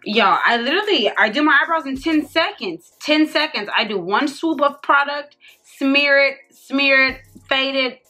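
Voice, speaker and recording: A woman's voice: sits high, animated, moderate pace, few pauses, sharp tone. A woman vlogger, tipsy, chatting loosely and swearing freely to her viewers while doing her makeup. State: tipsy from drinking. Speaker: beauty vlogger. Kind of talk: casual makeup tutorial chat.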